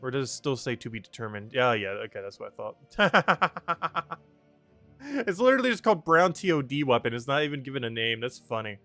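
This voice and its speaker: A man's voice: medium pitch, very animated, quick pace, a bit bright, no room sound, faint music behind. A man streaming a game, rambling casually with many fillers and frequent laughter. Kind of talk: casual game livestream commentary.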